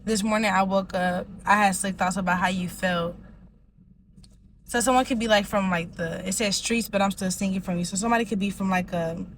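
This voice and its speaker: A woman's voice: medium pitch, fairly even intonation, fairly quick, fairly bright tone, slight background noise, rough recording. A woman giving a casual tarot reading in a rambling way, leaning heavily on filler words. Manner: rambling, heavy use of "like" fillers. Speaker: tarot reader.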